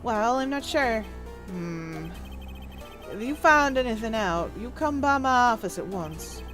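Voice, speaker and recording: A woman voicing a pompous older male defense lawyer with an exaggerated Southern US drawl, slow and musing. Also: a little high, expressive, fairly bright tone, soft background music. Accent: Southern US drawl, put on.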